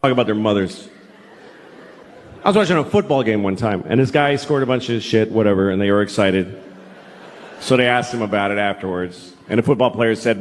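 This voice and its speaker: Man doing lively stand-up in a roomy hall. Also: fairly quick, a little hiss or hum. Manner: exasperated, swings from low mutter to yelling punchlines. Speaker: stand-up comedian. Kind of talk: stand-up comedy routine. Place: large hall with live audience. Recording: roomy live hall, audience laughter.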